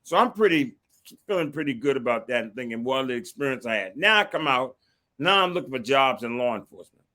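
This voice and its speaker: An older man from Washington, D.C., a retired marshal who is a guest on the show, telling a personal story in a lively way and acting out the dialogue he quotes. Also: medium pitch, brisk. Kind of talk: storytelling interview.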